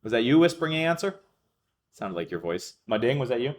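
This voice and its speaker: A man's voice: mid-range voice, big pitch swings, fast talker. A male math teacher explaining a lesson to a class, thinking aloud, correcting himself and calling on students by name.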